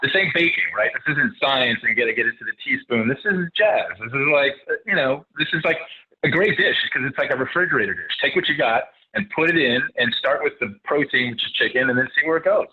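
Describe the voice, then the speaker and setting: A man's voice: medium pitch, fast. A man hosting a casual online tasting, talking in a loose, rambling, upbeat way over a video call. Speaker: host. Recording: tinny video-call audio, faint hiss.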